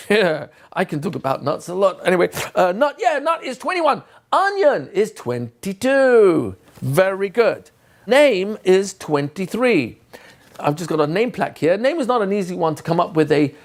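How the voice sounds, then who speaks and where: Playful man teaching a memory system. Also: high-pitched. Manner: playful, quizzes himself aloud and answers. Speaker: teacher trainer. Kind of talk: recorded teaching lesson.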